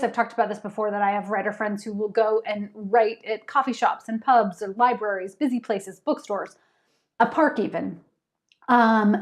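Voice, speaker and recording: Chatty woman, author hosting a livestream, a little high-pitched, laughs often and reads out viewer comments. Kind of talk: casual livestream chat with viewers.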